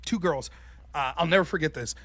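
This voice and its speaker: A man's voice: fairly high pitch, a little fast, a bit bright. A man in his thirties hosting a casual call-in show, telling profane stories with acted-out quotes. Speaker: host.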